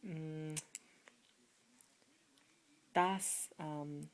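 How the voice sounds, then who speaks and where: A woman's voice: low-pitched, steady tone, slow pace, vocal fry, long pauses, a little mellow. A woman teaching in a casual video lesson, repeating each example word several times and quizzing the viewers. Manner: asks the viewers quiz questions. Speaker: Spanish tutor.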